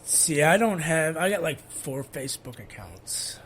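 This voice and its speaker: A man's voice: fairly high pitch, unhurried, slightly rough. A man co-hosting a casual podcast chat, joking and telling stories with lots of energy. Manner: joking, animated storyteller. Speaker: podcast co-host.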